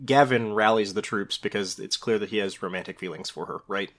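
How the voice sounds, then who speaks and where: A man's voice: fairly low pitch, brisk. A man co-hosting a casual review podcast, talking with enthusiasm, rambling and laughing easily. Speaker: podcast co-host. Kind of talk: casual chat reviewing a TV show.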